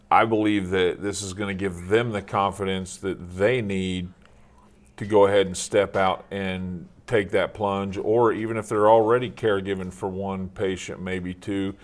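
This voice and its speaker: A man who works as a grow coach, talking in an earnest, measured, soft-spoken way on a casual talk show. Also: sits low.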